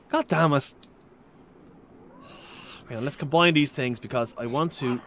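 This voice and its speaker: A man streaming a survival game, chatting casually and excitably, with frequent swearing. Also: mid-range voice, measured pace, long pauses, a little hiss or hum. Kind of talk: casual live-stream commentary.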